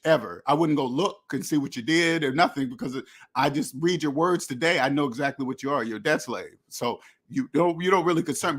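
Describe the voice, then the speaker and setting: A man with a slightly higher-than-usual voice lecturing his viewers bluntly about money. He repeats himself, restarts his sentences and talks straight at the listener. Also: fairly bright tone, husky. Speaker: finance channel host. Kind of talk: direct-to-camera rant.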